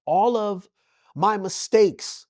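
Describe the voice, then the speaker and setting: A man's voice: high voice, slow pace, darkish tone, no room sound, studio quality. A man from Los Angeles, a guest in an interview, talking about his life with passion, in preacher-like bursts and repeated phrases. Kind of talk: emotional personal interview.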